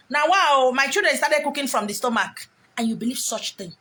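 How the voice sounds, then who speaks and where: A woman's voice: high voice, animated, moderate pace, pushed and bright, slightly rough. A middle-aged Nigerian woman talking to camera, bluntly scolding her viewers with bits of pidgin mixed in. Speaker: vlogger. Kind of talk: talking to camera, advice rant.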